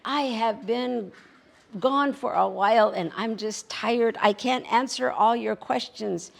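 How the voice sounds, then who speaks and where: A woman telling a story, voicing a calm, wise female roadrunner who speaks patiently and gently firmly. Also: fairly high pitch, slow, vocal fry, voice pushed up, exaggerated voice. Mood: weary. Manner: patient, steady, gently firm. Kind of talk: spoken storytelling.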